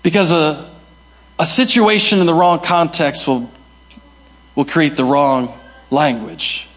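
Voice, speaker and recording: Taking his time, a pastor preaches in a steady tone overall, yet veers between sudden high shouts and soft low asides. He dramatizes the voices of the people he quotes.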